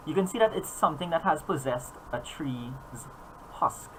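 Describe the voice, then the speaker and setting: A man's voice: on the high side, animated, moderate pace, a bit bright, slight background noise, rough recording. A man narrating as game master, rambling with frequent fillers and restarts.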